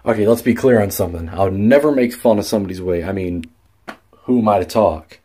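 A young man with a somewhat low voice tells a story in a casual vlog. He rambles, restarts his sentences and swears freely as he goes. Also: quick pace, warm tone, breathy edge. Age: young adult. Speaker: vlogger.

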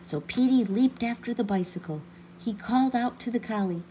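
A woman reading a children's picture book aloud with gentle, expressive narration. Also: on the high side, moderate pace, a little hiss or hum. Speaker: children's story reader. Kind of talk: storybook read-aloud.

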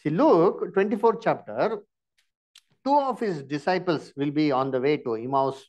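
A man's voice: on the high side, animated, moderate pace, a little mellow. Indian guy running a bible study, keeps asking questions, pushy and emphatic. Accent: Indian English. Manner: questioning, emphatic, prompts with "huh?". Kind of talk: interactive Bible lesson.

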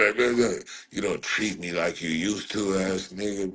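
A man hosts a casual livestream, trash-talking the commenters in profane slang and breaking into laughter. His voice sits very low and sounds husky. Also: normal speed, hardly any pauses, fairly bright tone. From Southern California. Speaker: livestream host reacting to chat.

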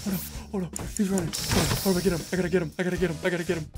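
A man hosting excited gameplay commentary, explaining as he plays and often yelling and laughing. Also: sits high, racing. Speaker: gaming YouTuber host. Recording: music playing underneath.

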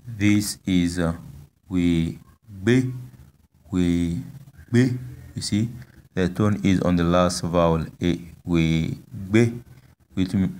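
A man teaching a language lesson, patiently repeating each word and pausing often with hesitations. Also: low voice, darkish tone, clear, resonant tone. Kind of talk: slow spoken language lesson.

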